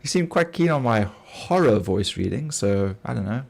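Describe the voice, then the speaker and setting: A man's voice: fairly low pitch, lively intonation, moderate pace, gravelly, a little mellow. A middle-aged man from South Africa with a South African accent, chatting casually on a game stream, rambling with lots of fillers and laughing often. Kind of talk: casual gaming chat.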